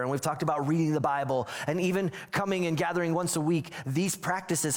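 Man preaching in a reverberant church. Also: mid-range voice. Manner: conversational, self-deprecating, acts out quotes. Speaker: pastor. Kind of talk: sermon. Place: church sanctuary.

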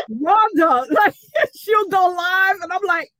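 A woman guest on a casual live-stream chat, telling stories warmly and from the heart. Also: extremely high pitch, animated, slow pace, no echo, low-quality recording. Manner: warm, storytelling, heartfelt.

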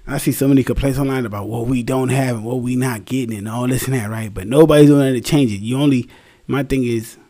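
A young man with a medium-pitched, mellow voice talks at a quick pace, sounding tired. As a solo commentary host, he delivers a rambling, slangy opinion monologue, blunt and casual, swearing freely.

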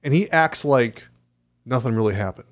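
A man's voice: medium pitch, lively intonation, normal speed. Wry, indignant podcast co-host man. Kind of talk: casual podcast talk.

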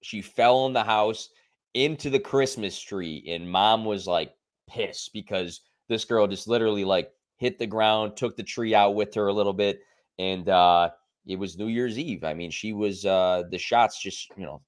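A man's voice: lowish voice, normal speed. A man telling party stories in a chatty, easygoing way. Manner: animated storyteller, acts out quoted lines. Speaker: podcast co-host. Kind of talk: casual storytelling chat.

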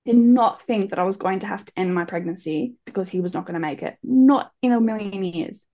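A young adult woman speaks with a gravelly, fry-edged voice, frank and candid as she tells her story to an interviewer. She often restarts her sentences. The recording sounds dull and lo-fi. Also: medium pitch, brisk. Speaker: guest speaker.

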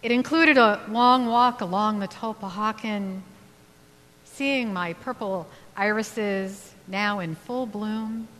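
A woman minister giving a sermon in a church, speaking in a reflective way with gentle pauses. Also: mid-range voice. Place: church sanctuary. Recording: long hall reverb, faint hum.

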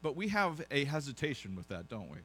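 A man's voice: mid-range voice, very animated, fairly quick, bright, forceful tone. A pastor preaching a conversational sermon to his congregation, asking them questions as he goes.

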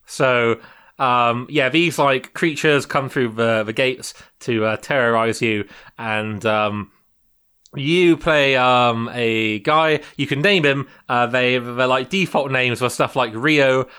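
Bright-voiced man rambling on a podcast. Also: mid-range voice, slow, clean tone. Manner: rambling, hesitant, lots of ums and restarts. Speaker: podcast co-host. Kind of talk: casual chat.

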